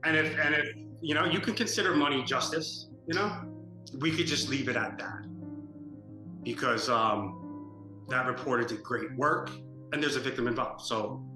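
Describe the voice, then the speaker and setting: A man's voice: medium pitch, moderate pace. A man giving a documentary interview, talking indignantly and animatedly with lots of fillers. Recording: echoey room with music underneath.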